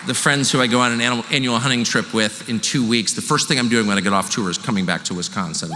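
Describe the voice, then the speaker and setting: A man's voice: medium pitch, quick pace, bright, forceful tone. A man hosting a live show, talking to a crowd in a joking, self-deprecating way. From California. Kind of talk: stand-up style monologue to a live audience. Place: large venue with live audience. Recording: hall reverb, faint room noise.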